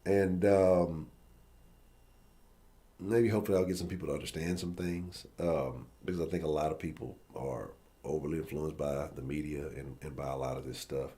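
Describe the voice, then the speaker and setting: A man's voice: a bass voice, fairly even intonation, moderate pace, dark tone. A man hosting a live-stream sports talk show, ranting bluntly and profanely. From Houston area.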